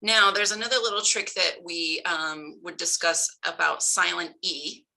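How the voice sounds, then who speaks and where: A woman's voice: lowish voice, steady tone, normal speed, gravelly, sharp tone, low-quality recording. Patient woman teaching phonics basics. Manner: patient, explains step by step with examples. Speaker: tutor trainer. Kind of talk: instructional talk.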